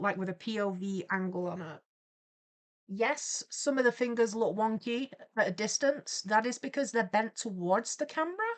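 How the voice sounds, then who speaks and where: A young woman chatting casually on a live stream, greeting viewers by name in a playful, giggly way. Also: mid-range voice. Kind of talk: casual live-stream chat while drawing.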